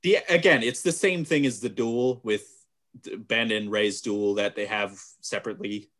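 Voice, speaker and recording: A man in casual conversation about movies, recapping scenes with loud, animated exclamations and frequent laughter. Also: lowish voice, moderate pace. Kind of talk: casual chat.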